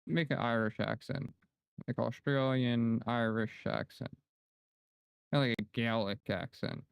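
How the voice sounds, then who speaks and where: A man on a casual livestream with a mid-pitched, everyday voice. He talks in a teasing, bossy way and grumbles when things don't go his way. The mic is close and the sound is dry. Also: unhurried, gravelly, smooth, dry recording, poor audio. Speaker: game streamer.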